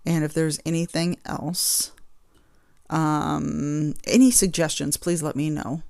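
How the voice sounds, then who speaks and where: Woman podcast host, fry in the voice, dry close sound; rambling, chatty, easily exasperated. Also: low voice, steady tone, slow, darkish tone, no room sound. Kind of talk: casual chat.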